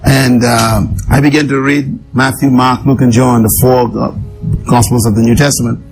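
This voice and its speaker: A man's voice: mid-range voice, fairly even intonation, moderate pace, music in the background, low-quality recording. A man telling his life story in an interview, earnest and emphatic, repeating key words for weight. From an island nation.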